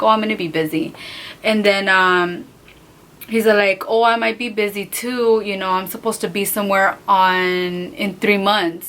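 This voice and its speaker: Bright-voiced woman telling a wild story. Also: mid-range voice. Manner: animated, profane, acts out voices in quotes. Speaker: vlogger. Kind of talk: storytime vlog.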